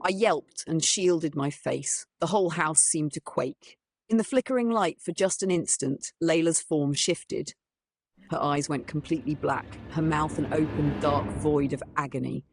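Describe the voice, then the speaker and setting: Gravelly woman narrating a ghost story. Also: low-pitched, a little slow, a little mellow. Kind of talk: scripted first-person horror narration. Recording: narration over music. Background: music.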